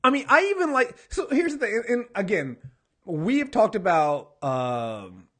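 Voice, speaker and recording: A man's voice: high-pitched, sing-song, normal speed, pushed and bright. A man co-hosting a casual TV recap podcast, swearing freely and acting out characters' lines as he talks. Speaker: podcast co-host.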